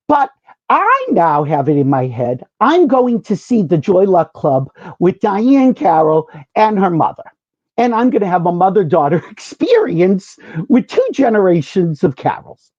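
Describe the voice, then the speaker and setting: A male host telling a long anecdote in a chatty, self-mocking, animated way, in a slightly dull recording. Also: high-pitched, moderate pace, dry recording. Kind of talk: casual anecdote storytelling. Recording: dull muffled sound.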